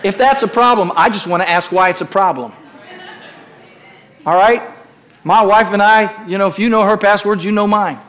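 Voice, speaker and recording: Preaching to his church, this middle-aged pastor is forceful and direct, leading call-and-response by having listeners repeat his words aloud. His high, fairly bright voice moves at a moderate pace with frequent pauses, and some chatter can be heard behind him.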